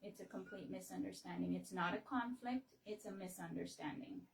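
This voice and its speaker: A woman from Hawaii talking on a casual livestream, slow and halting, with many fillers and restarts. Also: fairly low pitch, gravelly, far from the mic, rough recording. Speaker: livestream host. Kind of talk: casual explanatory livestream talk.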